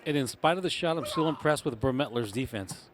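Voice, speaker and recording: A man's voice: mid-range voice, expressive, a little fast, noisy background. A man giving color commentary on a table soccer match, chatty and musing, with easy laughs. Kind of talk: live sports commentary.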